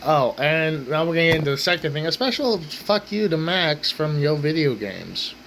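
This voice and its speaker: A man's voice: a little high, sing-song, normal speed, creaky, fairly bright tone, a little hiss or hum, low-quality recording. A man hosting his own rant channel, talking bluntly and swearing constantly in an angry rant.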